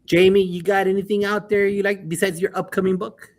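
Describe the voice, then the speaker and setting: Brief: high-voiced male host, energetic and teasing, pumps up the panel. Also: brisk. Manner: playful, hype-driven, sing-song shout-outs. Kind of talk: lively panel hosting.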